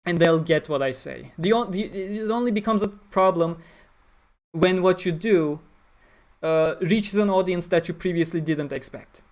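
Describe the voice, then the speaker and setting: A man's voice: high-pitched, moderate pace. Blunt man streaming. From Turkey. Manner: opinionated, blunt, talks through ideas with fillers. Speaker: streamer answering chat. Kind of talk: casual livestream talk.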